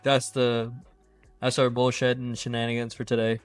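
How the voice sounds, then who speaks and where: A young man co-hosting a casual podcast, easygoing and quick to laugh. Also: medium pitch, monotone, clean tone, no room sound, faint music behind. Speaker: podcast co-host. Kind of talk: casual chat.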